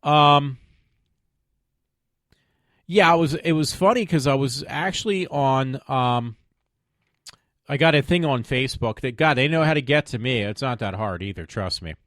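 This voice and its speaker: His mid-range voice is a bit bright and a little slow, with long pauses, recorded clean at studio quality with no room sound. Hosting his own web show from home on a desk microphone, he chats casually, rambling with many fillers, asides, trailing off and sarcastic mock pleading.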